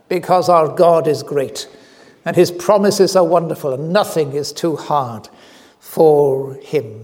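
Earnest preacher man, a touch high, in a reverberant hall. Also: a little mellow. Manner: earnest, rises in pitch and volume on key phrases, many short pauses. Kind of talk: sermon.

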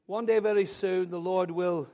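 A man preaching a sermon, building fervently into loud, emphatic declarations. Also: high-pitched, steady tone, moderate pace.

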